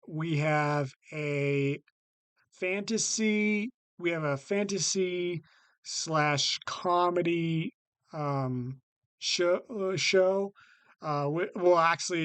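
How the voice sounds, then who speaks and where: A man hosting his own vlog, talking unscripted and haltingly about his favourite TV shows, with lots of restarts and a habit of saying "basically". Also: a little high, a bit bright, clean tone, no room sound. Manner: halting, many fillers and restarts, repeats "basically". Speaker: vlog host ranking TV shows. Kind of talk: casual unscripted talk to camera.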